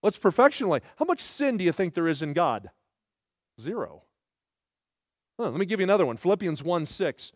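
A man's voice: high-pitched, normal speed, pauses often, no echo, clean studio sound. Folksy, emphatic male preacher. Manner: folksy, animated storytelling with emphatic rises. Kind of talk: sermon.

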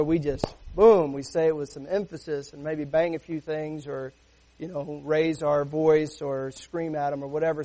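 A man with a high voice preaches a sermon in a relaxed, conversational way. He keeps asking his listeners rhetorical questions and slips into little acted-out voices as he makes his points. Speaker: pastor.

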